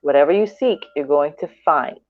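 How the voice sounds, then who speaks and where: A woman's voice: sits low, moderate pace, no room sound. A woman co-hosting a podcast in casual chat, laughing often and acting out quoted dialogue. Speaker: podcast co-host. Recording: dry, tinny phone-like line.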